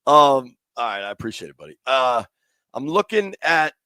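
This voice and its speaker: A man from Washington, D.C., with a mid-range, bright, forceful voice and big pitch swings, talks at a moderate pace with no room sound. He hosts a sports radio livestream, easygoing and rambling, full of fillers and restarts.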